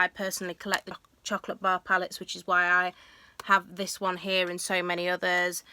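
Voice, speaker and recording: A woman's voice: on the low side, pushed and bright, clean tone. A woman, a makeup artist, chatting through a beauty tutorial with frequent ums and restarts. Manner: chatty, with frequent um fillers and self-corrections. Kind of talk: casual beauty tutorial talk.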